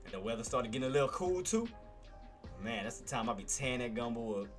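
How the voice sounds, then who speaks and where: An expressive man with a mid-range voice talks fast against soft background music. Hosting a live day-trading stream, he delivers easygoing, slangy market commentary and calls his viewers "boss" and "man."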